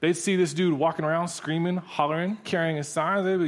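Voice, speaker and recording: A male preacher with a slightly high voice, telling a joking story to lead into his sermon. He talks loosely and conversationally and keeps the mood light. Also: fairly even intonation, brisk.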